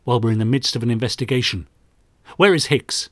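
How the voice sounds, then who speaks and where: A man's voice: mid-range voice, quick pace, a bit bright, no echo, studio quality, natural voice. A man voicing a stern, troubled male detective inspector who gives clipped orders. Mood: seething.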